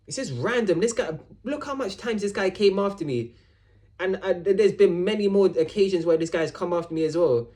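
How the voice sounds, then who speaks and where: A man's voice: sits high, a little fast. A man, ranting casually about a coworker, swearing often and calling the listener "bro". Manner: swearing, animated, repeats "bro" and "I'm like". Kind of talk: casual storytelling rant.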